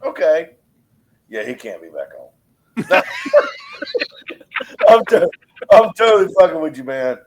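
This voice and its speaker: A man in his fifties teases and jokes his way through a casual podcast chat. His voice sits a little high and swings up and down with lively pitch. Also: takes it slowly, long pauses. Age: 50s. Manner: teasing, jumps up and down in pitch. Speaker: podcast co-host. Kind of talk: casual profane banter.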